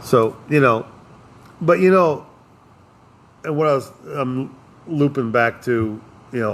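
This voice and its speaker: A man's voice: fairly low pitch, a little hiss or hum. A man hosting a podcast who talks in a loose, rambling way, mixing big ideas about history and love with jokes and lots of fillers. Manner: philosophical, joking, with many fillers. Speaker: podcast host. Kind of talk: casual rambling talk.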